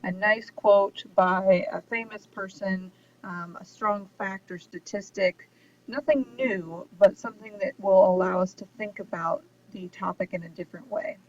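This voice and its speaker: A woman's voice: mid-range voice, steady tone, measured pace. A woman giving a recorded lesson on essay writing, explaining steadily with frequent ums and uhs. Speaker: writing instructor. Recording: dull distant mic with faint hiss.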